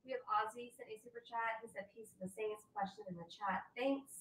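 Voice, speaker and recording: A woman's voice: a little high, very animated, brisk, fairly bright tone. Woman reading chat in a roomy echo. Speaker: stream moderator reading chat.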